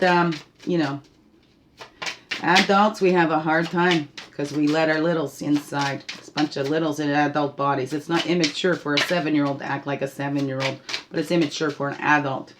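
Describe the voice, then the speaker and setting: A woman's voice: deep voice, fairly even intonation, normal speed, noisy background. A woman leading a spiritual guidance talk, meandering and laughing often, checking in with "right?" as she goes. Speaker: spiritual guide.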